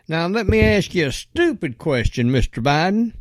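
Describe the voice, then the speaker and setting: A man with a drawl, speaking from a fairly high register, rants bluntly and curses freely, as if talking straight to his target. The recording is close and dry, with no room sound. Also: big pitch swings, moderate pace, few pauses, dry recording. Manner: blunt and profane, addresses a politician directly. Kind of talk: angry political rant.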